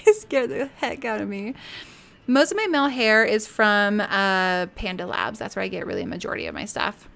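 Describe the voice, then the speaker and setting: A woman's voice: medium pitch, very animated, moderate pace, creaky, fairly bright tone. A woman streaming live, chatting casually and laughing often while she plays a life-sim game.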